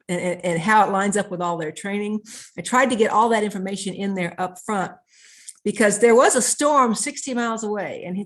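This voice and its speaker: A woman guest in an interview, telling a story earnestly and stringing her thoughts together with repeated "and". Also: mid-range voice. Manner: earnest, piles up clauses with repeated "and".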